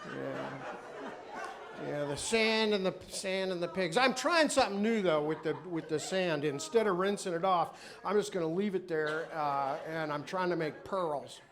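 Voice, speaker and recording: In a live club recording full of crowd noise, a middle-aged man with a high voice delivers rambling, self-deprecating stand-up at normal speed while the audience laughs.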